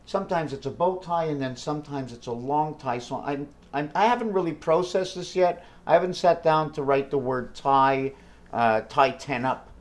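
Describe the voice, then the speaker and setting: A man's voice: on the high side, normal speed. A man talking alone to the camera in a rambling vlog, thinking aloud and hopping between numbers, wordplay and questions to himself. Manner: free-associating, jumps between numbers and wordplay; thinks aloud with many fillers and self-questions. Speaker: vlogger. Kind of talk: rambling solo vlog monologue.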